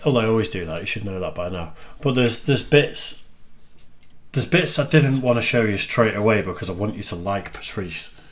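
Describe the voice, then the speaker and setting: A man in his thirties hosting a reaction video, explaining things in a relaxed, casual way. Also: lowish voice, normal speed. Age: 30s. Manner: explanatory, relaxed, restarts sentences. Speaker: reaction channel host. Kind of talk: casual chat.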